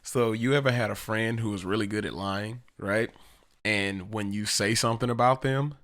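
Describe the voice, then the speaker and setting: A man's voice: on the low side, normal speed, a bit bright. A man hosting a solo podcast, talking casually and profanely and laughing often. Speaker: podcast host.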